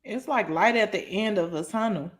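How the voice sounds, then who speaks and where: A woman's voice: mid-range voice, normal speed. A woman author telling her story in an interview, blunt and profane, emphatic and laughing often. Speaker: guest, author.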